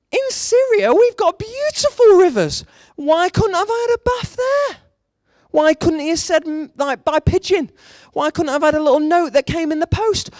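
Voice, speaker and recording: A man voicing an indignant middle-aged army commander who rants in a high, whiny, outraged voice. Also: darkish tone, no room sound, studio quality.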